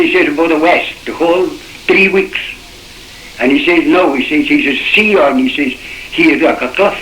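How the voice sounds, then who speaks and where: An older Shetland man recounts a long-ago sea story on a worn cassette recording, his pitch sitting a little higher than most men's. He rambles through remembered dialogue, stacking up "he says" after each line. The tape has a roomy echo and a faint hiss behind it. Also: fairly bright tone. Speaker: survivor telling his story. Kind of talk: oral history recollection.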